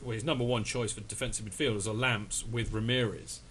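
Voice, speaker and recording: A man's voice: lowish voice, steady tone, fairly quick, a bit bright, a little hiss or hum. A man hosting a casual football fan podcast, chatty and rambling, with many restarts and fillers. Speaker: podcast host.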